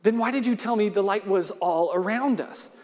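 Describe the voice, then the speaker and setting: A man's voice: high voice, normal speed, a little mellow, lightly acted. A man voicing a frustrated young man, newly given sight after a lifetime of blindness, who keeps pressing his questions. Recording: long hall reverb.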